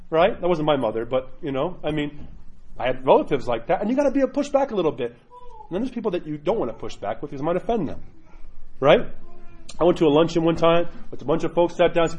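A man, a priest, teaching a class in a chatty, animated way, often acting out quotes. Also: fairly high pitch, fast, breathy edge, highs cut off. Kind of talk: casual catechism class talk.

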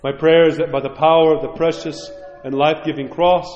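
A man's voice: fairly high pitch, level tone, a little fast, darkish tone, echoey room, big-room sound, lo-fi sound. A middle-aged man preaching a sermon as a priest, impassioned and pleading, acting out the voices he quotes.

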